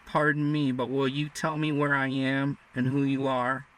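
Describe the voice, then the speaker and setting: A man's voice: medium pitch, completely flat delivery, normal speed, a bit bright, close to an everyday voice. A man reading the part of a dazed, curious young lieutenant who speaks politely and with bewilderment. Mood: puzzled. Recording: distant mic.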